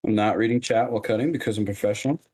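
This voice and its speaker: A man streaming from his home kitchen, chatting casually and joking at his own slow cooking. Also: on the low side, darkish tone, breathy edge. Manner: joking, self-mocking, unhurried.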